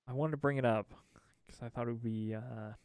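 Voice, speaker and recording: A man's voice: medium pitch, fairly even intonation, fairly quick, a little mellow, clear, resonant tone, no echo, studio quality. A man chatting casually on a game stream, rambling and swapping his swears for mild stand-ins. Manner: rambling, self-censors swears with mild substitutes.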